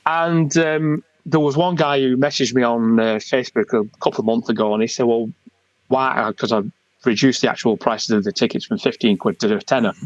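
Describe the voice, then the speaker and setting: A man's voice: mid-range voice, brisk, dry recording, dull audio. A man with a Wigan accent, chatting as an interview guest in a colloquial, rambling way. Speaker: convention organiser, guest. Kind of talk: casual interview chat.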